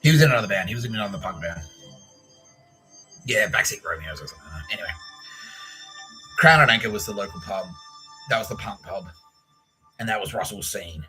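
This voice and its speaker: Aussie bloke telling a sweary story on his podcast, lowish voice but real bright, swings all over. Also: animated, a little fast, long pauses, faint music behind, poor audio. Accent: Australian. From Australia. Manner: swears freely, rambles, laughs at own story. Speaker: podcast host. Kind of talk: casual rambling storytelling.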